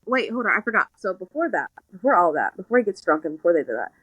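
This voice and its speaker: A young woman with a fairly low voice, casually recapping a book on a podcast. She tells it in an animated way and slips into short character quotes. The sound is dry and close. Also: quick pace, breathy edge, dry recording, dull audio. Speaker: podcast co-host.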